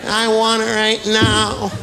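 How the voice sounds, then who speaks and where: A stand-up comedian in his act, playing a sloppy drunk man who holds a grudge and slurs, mumbles and bursts out loud. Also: high-pitched, monotone, slow pace. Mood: grudging. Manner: slurring, mumbling, sudden loud outbursts. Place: comedy stage before a live audience. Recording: noisy live club with audience laughter. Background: crowd laughter.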